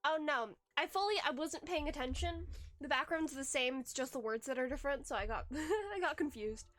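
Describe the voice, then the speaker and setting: With a little hiss or hum and faint music in the background, a woman chats casually while gaming on stream, rambling, giggling, and starting her sentences over. She speaks a little fast in a high, expressive, fairly bright voice.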